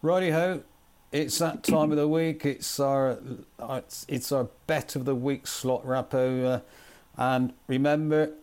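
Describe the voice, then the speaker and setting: A man's voice: mid-range voice, fairly even intonation, unhurried, a little mellow, clear, resonant tone. A man hosting a podcast in a casual chat, easygoing and steering the talk with short prompts. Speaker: podcast host.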